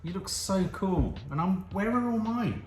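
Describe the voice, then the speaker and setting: A woman's voice: mid-range voice, sing-song, unhurried, roomy sound, music in the background. A woman co-hosting a show, in playful, casual chat with a sister. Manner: chatty, playful and swearing. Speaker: co-host.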